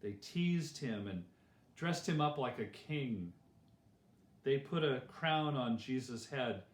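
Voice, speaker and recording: Slow, gentle man reading a children's story. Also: mid-range voice, lively intonation. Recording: roomy echo.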